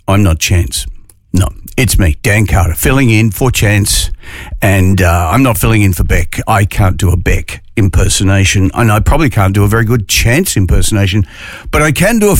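Chatty Australian radio host, dry sound. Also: male voice, mid-range voice, no echo. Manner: chatty, jokey, drawn-out phrasing. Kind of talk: casual morning radio chat.

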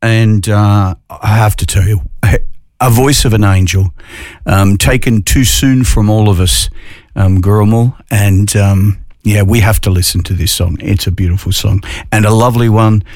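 A man's voice: fairly low pitch, fairly even intonation, normal speed, a little mellow, no room sound, studio quality. A man with an Australian accent presenting a radio show, introducing songs in a casual, easygoing, meandering way.

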